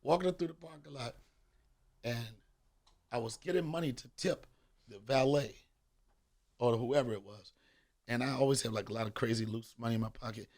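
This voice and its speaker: Gravelly man telling a raunchy story. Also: mid-range voice, moderate pace, pauses often. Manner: animated, profane, acts out voices. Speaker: podcast host. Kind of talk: comedic storytelling.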